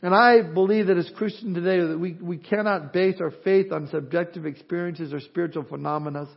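A man with a high voice preaches to his congregation in an expressive style. He pushes his key points loudly and drops to quiet asides in between. The recording sounds dull and lo-fi. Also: a little fast, vocal fry. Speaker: pastor. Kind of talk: sermon.

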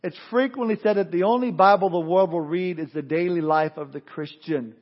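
A man's voice: sits high, fairly quick, muffled recording. A man preaching as a pastor, often repeating words and restarting as he goes. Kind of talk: sermon.

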